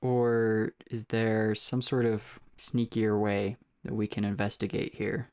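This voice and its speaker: A man's voice: lowish voice, level tone, slow, a little mellow, clean tone. A man playing a tabletop game in casual talk, asking questions and sometimes searching for his words. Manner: chatty, questioning, loses his words at times. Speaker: player.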